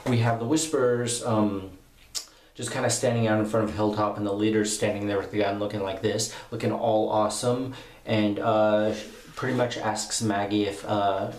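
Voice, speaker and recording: Young guy, eager, rambling comic review, low-ish voice, roomy echo. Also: normal speed. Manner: excited, rambling, many fillers.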